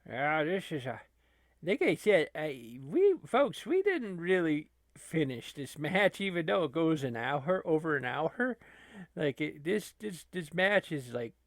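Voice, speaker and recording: A man's voice: a little high, very animated, measured pace, dry recording. A man casually commentating a wrestling video game as a channel host, rambling with many fillers and laughing between remarks. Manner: rambling, laughing, filler-heavy, lots of restarts.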